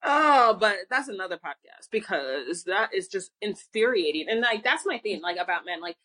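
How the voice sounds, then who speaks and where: A young woman co-hosting a podcast in casual chat, an expressive storyteller who acts out what others say. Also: mid-range voice, moderate pace. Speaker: podcast co-host.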